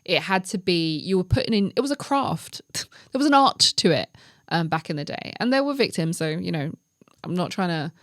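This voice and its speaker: A woman with a somewhat low voice hosts her own podcast. She tells stories in an animated, chatty way and drops in joking asides. Her sound is close and dry, with no room around it. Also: normal speed, no echo. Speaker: podcast host. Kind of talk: casual solo podcast talk.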